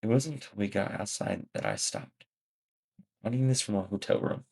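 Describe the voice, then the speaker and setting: Low gravelly man reading a story. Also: huge pitch swings, normal speed, a little mellow, rough recording. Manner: plain first-person reading with small slips. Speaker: story narrator.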